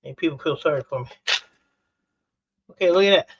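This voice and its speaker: A fairly high-pitched, slightly rough-voiced man talks briskly, with long pauses, while hosting a casual livestream where he dismantles e-waste for scrap. He's excitable and gushes over what he finds; the audio's high end is cut off.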